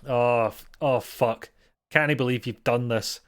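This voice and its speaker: A man's voice: mid-range voice, steady tone, takes it slowly, clear, resonant tone. Man with a thick Glaswegian accent. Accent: thick Glaswegian Scottish. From Scotland. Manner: wry, swears, chats to chat while playing. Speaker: game streamer. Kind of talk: casual live-stream chat with viewers.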